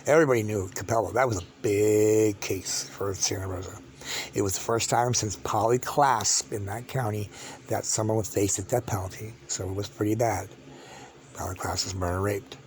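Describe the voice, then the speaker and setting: A man's voice: fairly low pitch, steady tone, slight background noise. Man rambling through a personal story. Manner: halting, repetitive, many restarts and fillers.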